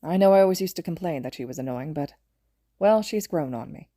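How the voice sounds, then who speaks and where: A soft-spoken young father , voiced by a woman reading a podfic, pausing and halting as he speaks with quiet affection. The voice sits low and mellow. The recording is close and dry. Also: expressive, no echo. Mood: tender. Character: tender, gentle young father.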